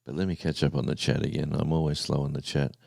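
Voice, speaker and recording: A man in his sixties, hosting a casual live stream, rambling and halting as he reads out the viewers' chat. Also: a bass voice, level tone, creaky, darkish tone, no echo, studio quality. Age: 60s. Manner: rambling, halting, with many restarts and fillers.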